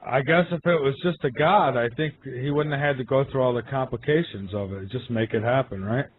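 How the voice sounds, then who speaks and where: A man's voice: mid-range voice, fairly quick. A man hosting a radio interview, agreeable and a little hesitant. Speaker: radio host. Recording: phone-like line with faint hiss.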